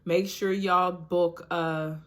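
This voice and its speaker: Lively young woman telling her story. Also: on the low side, slow. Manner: animated, acts out quoted voices, laughs often. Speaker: vlogger. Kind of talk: casual storytelling vlog.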